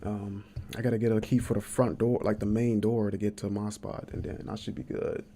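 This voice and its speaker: A man's voice: fairly low pitch, level tone, fairly quick, dark tone, slight background noise. A young man from the American Midwest hosting a podcast, telling a story in casual chat and acting out quotes with big jumps in his voice. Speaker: podcast host.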